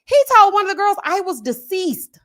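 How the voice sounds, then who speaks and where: A young woman, telling a personal story on a live stream in a casual, expressive way. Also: very high-pitched. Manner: animated and expressive, drawn-out endearments. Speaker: reality show commentator.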